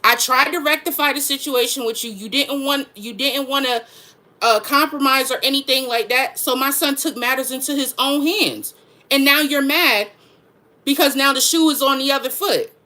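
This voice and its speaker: Frustrated woman with a bright voice. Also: high voice, moderate pace. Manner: frustrated, emphatic, repeats herself. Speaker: mother, vlogger. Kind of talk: venting to camera.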